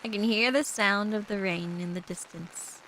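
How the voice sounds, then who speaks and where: A woman's voice: medium pitch, steady tone, normal speed, bright, forceful tone, slight background noise, poor audio. A young woman streaming as a VTuber, chatting playfully with lots of giggles and reading a visual novel aloud.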